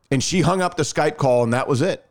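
A man telling a long story in casual chat, animated and full of restarts. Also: on the high side, normal speed.

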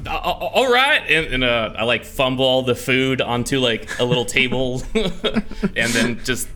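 A man's voice: medium pitch, sing-song, measured pace, pushed and bright, faint music behind. A man playing a tabletop game in character, hammy and enthusiastic, laughing often. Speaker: player.

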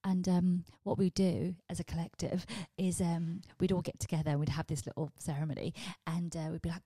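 A woman's voice: lowish voice, fairly quick, few pauses, no room sound. Rambling, swearing woman podcast host. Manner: rambling, swearing, animated storytelling. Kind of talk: comedic monologue.

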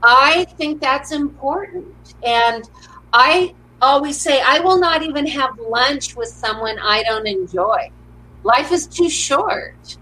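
Speaking slowly in a high, bright, forceful voice, an animated middle-aged woman tells upbeat stories during a relaxed interview. She's a motivational speaker who acts out the lines she quotes, and the recording quality is low.

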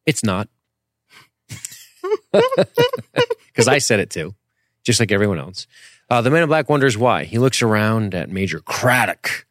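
A man's voice: lowish voice, expressive, unhurried, long pauses, fairly bright tone, no room sound, clean studio sound. A man co-hosting a podcast, recapping an episode in loose, joking, profane chat. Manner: joking, profane, acts out quotes from the show. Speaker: podcast co-host.

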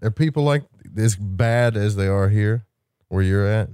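A man's voice: on the low side, measured pace, dark tone, clean tone, dry recording, clean studio sound. A man hosting a late-night open-lines radio show, telling rambling stories in a loose, casual way. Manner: rambling, loose storytelling with fillers.

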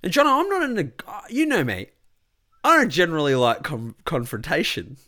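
A man's voice: fairly high pitch, wildly swooping pitch, normal speed, bright, forceful tone. A young Australian man telling a rambling party story in casual chat, swearing freely.

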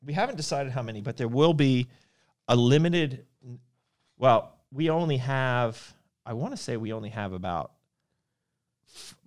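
A man's voice: medium pitch, lively intonation, unhurried, pauses often, no room sound. Guy cohosting a live stream, rambly, talks loose and keeps restarting, dry close mic. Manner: rambling, loose, self-correcting. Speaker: podcast co-host and supplement brand owner. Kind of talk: casual livestream chat.

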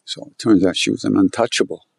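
Man, low voice, rambling animated storyteller, dry close sound. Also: fast, creaky, breathy edge, dry recording. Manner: rambling, animated, repeats himself. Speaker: guest telling stories about his teacher. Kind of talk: conversational storytelling.

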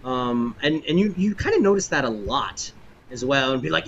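A man's voice: medium pitch, very animated, moderate pace, a bit bright, dull audio, slight background noise. A man narrating as game master of a tabletop game, in a rambling, filler-heavy way.

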